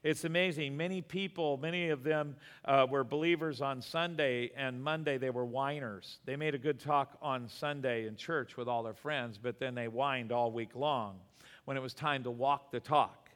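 A man's voice: medium pitch, fairly even intonation, moderate pace, a bit bright, big-room sound. A man pastor preaching a sermon in earnest, repeating words for emphasis.

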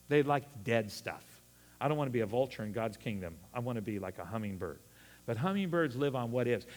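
Middle-aged pastor, higher-pitched, folksy and animated, preaching in an echoing hall. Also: male voice. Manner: animated, folksy asides with laughs. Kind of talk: sermon.

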